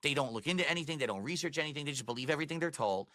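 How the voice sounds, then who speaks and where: A man's voice: a little high, animated, rapid-fire, sharp tone, no room sound, studio quality. A man ranting on his livestream, self-assured and insulting toward his critics. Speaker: streamer. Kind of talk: livestream rant.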